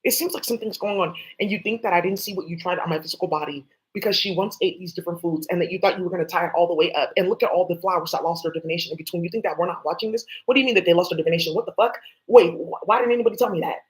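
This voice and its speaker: A woman's voice: on the low side, rapid-fire, hardly any pauses, rough recording. A woman on a livestream ranting in an agitated, profane way and answering voices that no one else hears. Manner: agitated, profane, talks back at unseen voices. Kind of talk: rambling livestream rant.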